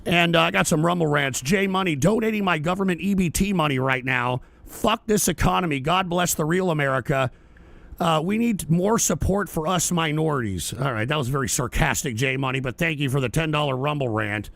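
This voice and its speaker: A man's voice: a little high, brisk, gravelly, dry recording. A man hosting a political livestream, ranting with constant profanity and sarcasm, then reading out viewer donations. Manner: profane, shouting, sarcastic rant; reads viewer donations aloud. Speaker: political talk show host. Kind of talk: livestream rant.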